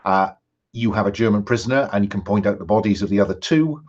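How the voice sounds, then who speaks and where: A man narrating a tabletop game as game master, measured and pausing on frequent ums. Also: on the low side, a little mellow, muffled recording.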